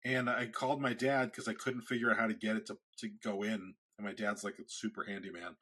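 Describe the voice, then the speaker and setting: A man's voice: lowish voice, brisk, breathy edge. A man in his thirties, a podcast host, telling a story in casual chat and acting out the quotes. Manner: animated storyteller, acts out quotes.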